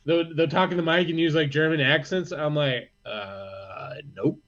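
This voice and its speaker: A man's voice: on the high side, fairly even intonation, fairly quick, fairly bright tone, dull audio. A man from Louisiana with a Cajun accent, co-hosting a live-stream podcast in a joking, playful way. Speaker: podcast co-host. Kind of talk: casual live-stream chat.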